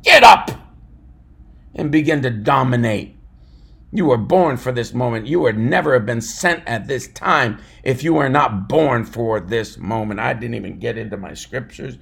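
A man preaching a fervent podcast sermon, swinging between loud shouts and low murmurs. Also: normal speed. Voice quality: gravelly, husky.

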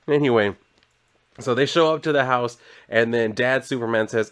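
A man casually recapping a comic issue, rambling and sarcastic, with frequent swearing and flatly read character lines. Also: medium pitch, normal speed. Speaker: comic book reviewer.

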